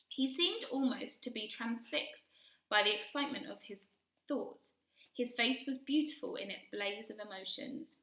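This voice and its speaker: A woman reading a children's storybook aloud in soft, hushed narration. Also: a little high, normal speed. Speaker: reader. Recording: echoey room.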